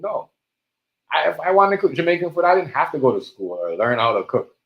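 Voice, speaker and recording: A man's voice: on the high side, a little fast, low-quality recording. Slangy man ranting on a stream. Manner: animated, street slang, repeats himself. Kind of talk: casual livestream monologue.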